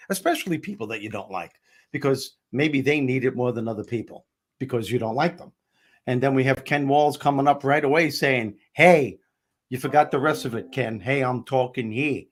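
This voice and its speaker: A man hosting a live comedic talk show, upbeat and bantering with his co-hosts and viewers. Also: mid-range voice. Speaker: host. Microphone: headset.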